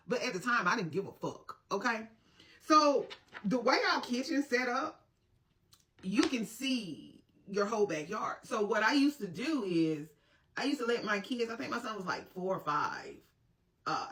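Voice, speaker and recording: A woman's voice: mid-range voice, fairly bright tone, far from the mic. A woman telling a personal story to her viewers, blunt and profane, with lots of asides to her audience. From Mississippi, USA. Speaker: storytime vlogger. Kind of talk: casual storytime.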